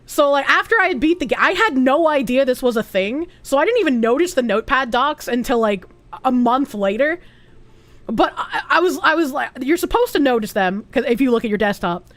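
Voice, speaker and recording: A woman's voice: high-pitched, lively intonation, fairly quick, no echo. A woman streamer chatting casually, answering viewer chat aloud and swearing freely.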